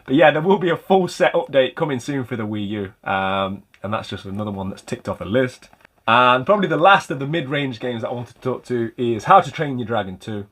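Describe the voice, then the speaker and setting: A man chats through his retro game haul in a loose, rambling way. He pokes fun at himself as he goes, and his voice sits at a middling pitch. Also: lively intonation, a little fast, fairly bright tone. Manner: chatty, rambling, light self-mocking humor. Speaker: retro game collector and channel host. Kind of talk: casual vlog chat about game pickups.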